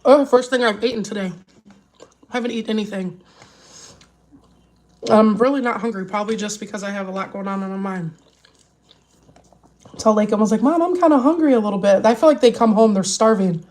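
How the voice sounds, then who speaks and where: During a casual live chat, this woman, a mother and vlogger, sounds upset and near tears as she rambles anxiously with many restarts. She speaks fairly quickly yet with long pauses, in a steady, mid-range voice of darkish tone.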